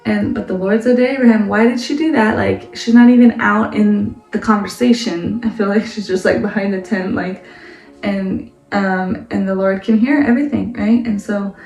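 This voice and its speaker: Speaking at normal speed in a steady, mid-range, somewhat dark voice, a woman runs a relaxed Bible study vlog. She laughs frequently while explaining and says "like" and "right?" a lot. Faint music plays, and the distant mic picks up an echoey room.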